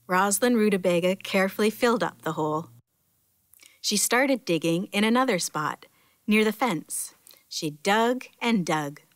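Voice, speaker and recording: A woman reading a children's picture book aloud at storytime, clear and expressive. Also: medium pitch, moderate pace, no room sound, clean studio sound. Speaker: storytime reader.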